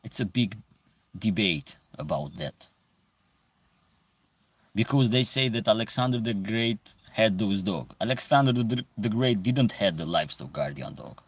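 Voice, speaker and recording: A man's voice: on the low side, animated, a little slow, husky, dry recording. A man from Epirus, hosting a casual livestream and explaining at length as he answers viewer questions from the chat.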